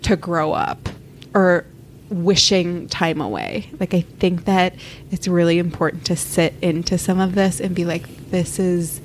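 A calm, candid woman co-hosting a podcast, talking reflectively about parenting her young kids. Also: lowish voice, measured pace, a little hiss or hum. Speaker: podcast co-host. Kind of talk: casual podcast chat.

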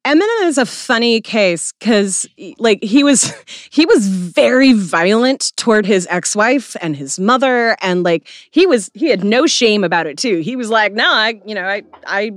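A woman's voice: medium pitch, animated, measured pace, dry recording, clean studio sound. A woman podcast host in casual chat, talking bluntly and swearing freely.

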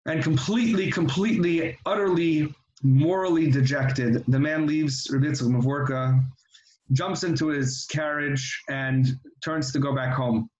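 An earnest religious teacher gives a reflective religious talk with storytelling in an echoey room, restarting often. His voice is a little high, steady and darkish, at a measured pace, and the recording is muffled.

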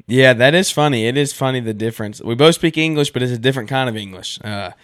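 A man with a Southern American accent hosts a podcast in a chatty, enthusiastic way. His voice sits at an ordinary middle pitch. The sound is dry and close, with no room echo. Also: fast, fairly bright tone. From southern United States. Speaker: podcast host. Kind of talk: casual interview chat.

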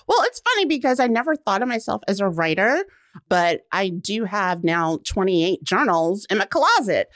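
A young woman talking casually as a podcast guest, expressive and quick to laugh, acting out quotes as she speaks. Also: mid-range voice, dry recording, clean studio sound. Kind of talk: casual interview chat.

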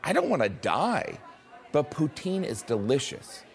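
A man's voice: a little high, huge pitch swings, measured pace, vocal fry. A man delivering a scripted comic commentary in a dry, self-mocking way. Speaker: comedy commentator.

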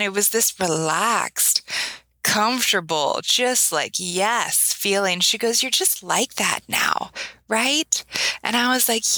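Earnest, bright-voiced woman sharing stories. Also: mid-range voice, a little slow, slightly rough, no room sound, poor audio. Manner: earnest, emotional storytelling with lively quoted voices; repeats "right?" for emphasis. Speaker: podcast guest. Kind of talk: heartfelt interview talk.

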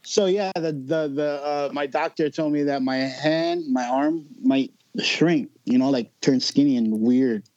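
A man's voice: a little high, unhurried, hardly any pauses, darkish tone, dry recording, dull audio. A man telling a personal story as a podcast guest, casual and profane, often laughing as he talks.

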